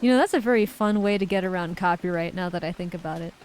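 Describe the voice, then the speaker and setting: A woman's voice: lowish voice, fast, a little mellow, slight background noise, poor audio. Giggly woman chatting with her stream. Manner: reads viewer messages aloud and giggles often. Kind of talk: casual stream chat.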